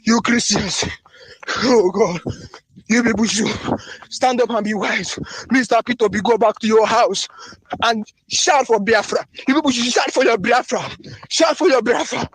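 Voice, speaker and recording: Very high-voiced, husky man pleading. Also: no room sound. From northern Nigeria. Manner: fervent, pleading, hammering repetition. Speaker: voice-note caller. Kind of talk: impassioned voice-note appeal. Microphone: phone voice recording.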